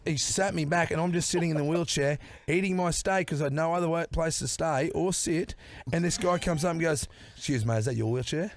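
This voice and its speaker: A man on a podcast telling a story in casual, animated fashion, swearing freely. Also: fairly high pitch, a little fast. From Australia or New Zealand. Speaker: podcast host.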